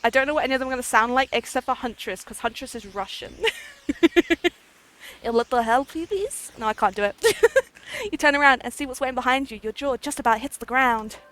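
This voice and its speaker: Giggly high-voiced woman streamer. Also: quick pace, a bit bright. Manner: giggly, playful, chatty. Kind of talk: live game stream, reading game text aloud. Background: faint game music.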